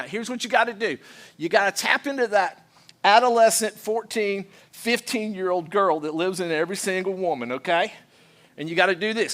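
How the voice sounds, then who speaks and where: Man, pastor, animated sermon, high bright voice, banter with congregation. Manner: lively, playful, leads call-and-response with the congregation. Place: church sanctuary.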